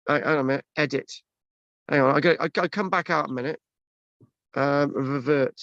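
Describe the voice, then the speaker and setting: A man talks casually on a video call, restarting his sentences and filling gaps with ums. His voice sits a little high, and the sound is close and dry. The audio is dull and lo-fi. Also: normal speed, fairly bright tone, no echo. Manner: rambling, many restarts and fillers. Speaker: presenter. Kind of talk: casual chat.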